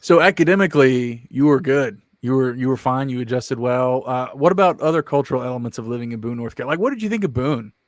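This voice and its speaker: A man's voice: medium pitch, expressive, fast talker, few pauses, dry recording. A man hosting a podcast, asking friendly follow-up questions in a casual, conversational way. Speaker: podcast host. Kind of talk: casual interview chat.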